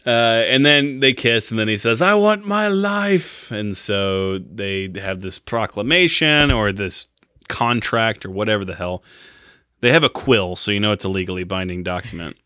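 A man's voice: lowish voice, moderate pace, bright, forceful tone, clear, resonant tone, dry recording, clean studio sound. A man on a podcast casually recapping a movie, joking and swearing as he acts out the characters' lines. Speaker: podcast co-host.

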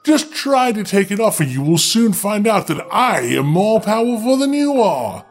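A man's voice: high-pitched, sing-song, moderate pace, exaggerated voice. A man voicing a small, spiteful male dwarf who makes boastful, defiant declarations in a storybook reading.

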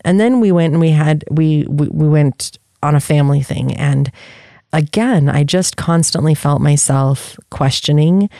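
Candid, warm-voiced podcast host. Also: medium pitch, unhurried, creaky, no echo, studio quality. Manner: candid, searching, with frequent restarts. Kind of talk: personal reflective talk.

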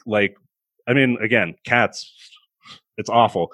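A fairly low-voiced man tears into a film with casual profanity, his voice jumping high when he's exasperated. The sound is dry and close, with no room around it. He's co-hosting a comedic review podcast. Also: animated, moderate pace, fairly bright tone, no room sound. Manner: profane, exasperated ranting with sudden high outbursts. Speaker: podcast co-host.

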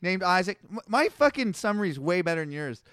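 A man tears through a story as a podcast co-host, crude and quick, tossing in silly voices along the way. His voice sits high and comes through smooth and clear. The sound is dry and close. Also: sing-song, fairly bright tone, no echo. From Canada. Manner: crude, rapid-fire storytelling with mock character voices. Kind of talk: casual comedic retelling.

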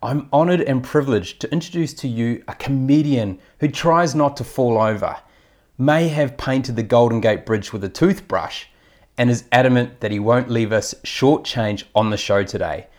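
A man's voice: mid-range voice, moderate pace, darkish tone. A man with an Australian accent, a podcast host reading a formal introduction and asking interview questions.

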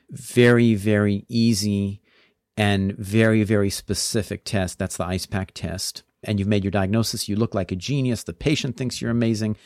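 A male neurologist walking through bedside tests step by step in a brisk, explanatory manner. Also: fairly low pitch, a little mellow, no room sound, clean studio sound. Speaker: neurologist, guest doctor. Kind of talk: clinical explanation in an interview.

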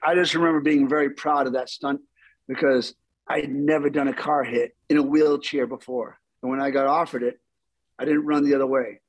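A middle-aged man, a stunt performer, telling stories in an interview with lively, acted-out dialogue. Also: medium pitch, brisk, no room sound, low-quality recording. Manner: animated, acts out quoted dialogue. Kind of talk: storytelling interview.

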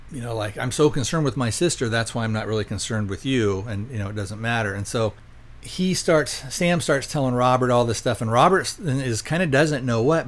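Man rambling through a casual plot recap. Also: mid-range voice. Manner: rambling, quotes characters loosely, lots of fillers. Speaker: podcast host reviewing films.

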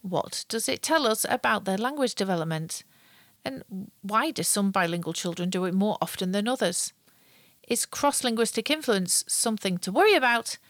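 Clear, teacherly woman podcast host. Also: mid-range voice, a bit bright, dry recording. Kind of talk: scripted podcast narration and casual chat. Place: back garden.

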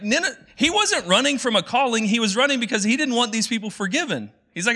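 Bright-voiced, animated male pastor. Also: very high voice, fast talker, few pauses. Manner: casual, animated, conversational. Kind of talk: sermon.

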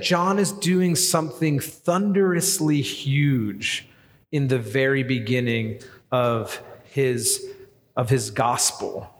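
A man preaching a sermon as pastor, talking in a conversational, animated way with lots of casual fillers. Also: fairly high pitch. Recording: long hall reverb.

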